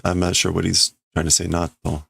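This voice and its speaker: A man's voice: sits low, level tone, fairly quick, creaky, husky, dry recording, clean studio sound. A man hosting a casual livestream, thinking aloud as he reads and translates a manga. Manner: musing, thinking aloud, laughs softly. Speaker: livestream host.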